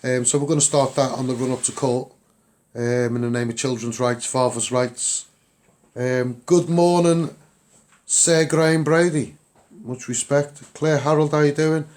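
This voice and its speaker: Scouse guy rambling on a livestream, upbeat, loads of ums, mid pitch. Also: steady tone, moderate pace, darkish tone. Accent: Liverpool (Scouse). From England. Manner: rambling, upbeat, repeats himself, many ums. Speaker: campaigner livestreaming to viewers. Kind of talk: casual livestream chat.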